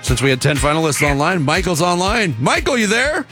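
A man hosting a radio sports show, chatting casually with an animated, chuckling delivery. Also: fairly high pitch, faint music behind. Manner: animated, chuckling, drawn-out reveals.

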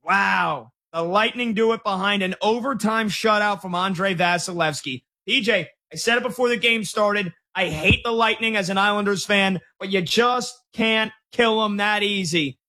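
A man co-hosting a live sports talk show, calling game results with excited emphasis. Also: high-pitched, normal speed, few pauses. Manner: excited, emphatic score updates.

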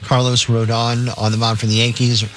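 A man's voice: medium pitch, monotone, moderate pace, a bit bright, soft background music. A man on sports radio reading out games and betting lines in a plain, matter-of-fact way.

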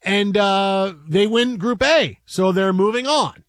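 A man hosts a casual sports talk show, slightly high in pitch. He is chatty and steers the talk with playful mock grandness. The sound is dry and close. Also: slow, fairly bright tone, dry recording.

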